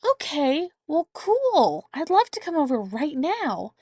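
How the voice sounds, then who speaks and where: A woman voicing a cheerful grandmother calling her granddaughter on a video call, bright and sing-song. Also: sits high, huge pitch swings, slow, no echo, studio quality, voice pushed up, exaggerated voice. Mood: eager, sweet.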